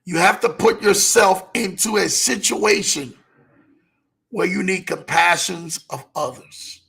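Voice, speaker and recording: A man hosting a motivational talk show, repeating his key points and slowing down to stress them. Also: high voice, vocal fry, bright, forceful tone. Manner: preachy, repeats key lines, slows for emphasis.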